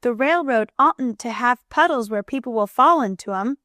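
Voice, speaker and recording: A woman voicing an earnest, excited little boy in a storybook. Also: on the high side, moderate pace, dry recording, studio quality.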